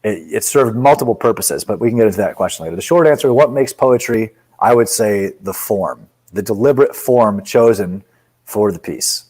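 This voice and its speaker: A man's voice: fairly low pitch, moderate pace, a little mellow, rough recording. A man, a poet and author, talking bluntly and with strong opinions as a guest in a casual interview.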